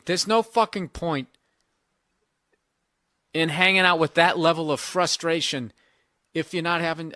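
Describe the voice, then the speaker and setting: A man's voice: fairly high pitch, bright, forceful tone, dry recording, studio quality. A man hosting a podcast, giving blunt, profane, rambling advice in casual talk.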